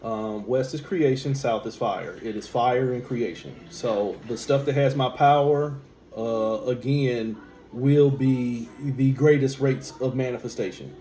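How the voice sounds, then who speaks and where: Male spiritual teacher, mellow mid voice, emphatic rhetorical delivery, roomy recording. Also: medium pitch, measured pace. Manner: emphatic, rhetorical questions, repeats key phrases. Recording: echoey room with faint background hum.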